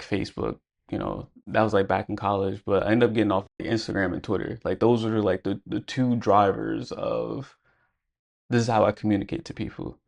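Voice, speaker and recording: Young male vlogger, low gravelly voice, loose reflective storytelling with lots of fillers. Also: a little mellow. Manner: casual, reflective, lots of fillers like "like" and "you know". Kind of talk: personal storytelling to camera.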